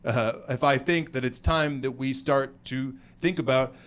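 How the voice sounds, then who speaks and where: An American man performing stand-up comedy, animated and acting out other people's voices. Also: mid-range voice, unhurried. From United States. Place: comedy club stage before a live audience.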